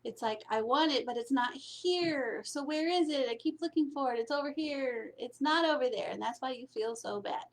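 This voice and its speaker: A woman with a high voice talks through spiritual prosperity like a coach chatting with clients. She meanders and repeats herself, often checking in with a quick "right?" The delivery is loose, casual and motivational.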